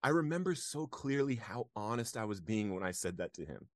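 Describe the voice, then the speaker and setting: A man's voice: fairly low pitch, fairly quick, no echo. A man as an interview guest, sharing a personal story earnestly and emotionally, breaking into laughs now and then. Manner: earnest, laughs often, animated when reliving moments.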